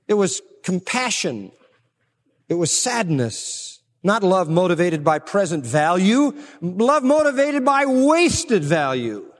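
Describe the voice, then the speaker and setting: Male preacher, high-pitched, emphatic sermon delivery, long hall reverb. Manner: emphatic, swings between raised stresses and low, slow drops.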